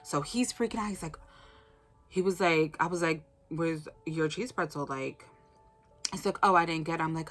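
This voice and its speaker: A woman's voice: deep voice, moderate pace, a bit bright, soft background music. A young woman telling a personal faith testimony as a casual story, acting out the quotes and saying "like" a lot.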